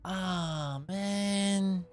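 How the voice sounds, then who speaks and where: A man's voice: high voice, steady tone, drawn-out words. A man live streaming video games, chatting casually in a rambling, profane way. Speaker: game streamer.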